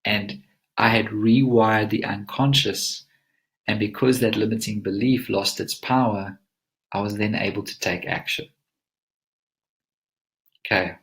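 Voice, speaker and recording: Man, webinar coach, earnest, emphatic, lowish voice, middle-aged. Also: steady tone, unhurried, long pauses, fairly bright tone. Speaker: webinar presenter, mindset coach. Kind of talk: live webinar teaching.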